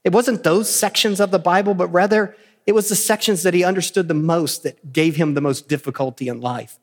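A man preaching a sermon as pastor, earnest, repeating key phrases and rising to animated emphasis. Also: high-pitched, fairly quick, long reverb tail. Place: church sanctuary.

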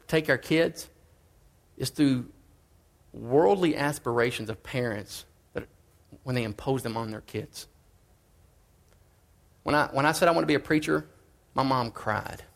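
A man preaching a sermon in a casual, conversational way, swinging between emphatic and quiet lines. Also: medium pitch, a little slow, creaky, long pauses.

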